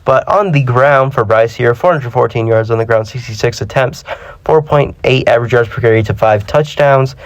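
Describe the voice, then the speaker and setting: A man's voice: mid-range voice, normal speed, no room sound, lo-fi sound. A young man commentating a football simulation game, chatty and self-deprecating, often tripping over his words, a little under the weather. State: slightly sick. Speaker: gaming channel host. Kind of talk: casual sports-sim commentary.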